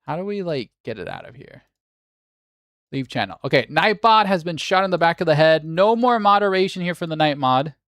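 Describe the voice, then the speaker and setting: A man's voice: on the high side, sing-song, fairly quick, fairly bright tone, no echo, clean studio sound. A man hosting a game tournament on a livestream, chatting casually and joking with viewers, swearing now and then.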